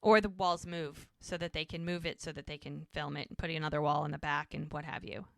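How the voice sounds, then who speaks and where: A woman's voice: low-pitched, fairly even intonation, brisk, vocal fry, no echo. Woman retelling TV scenes, dry close sound. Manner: retells scenes with quoted dialogue. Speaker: podcast co-host. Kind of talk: casual recap chat.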